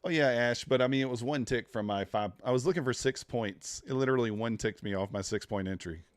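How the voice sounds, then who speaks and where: A man's voice: mid-range voice, fairly quick, dry recording. A man trading futures live on a stream, talking to himself and to the chat, groaning at each loss and muttering over the charts. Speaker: live-streaming day trader.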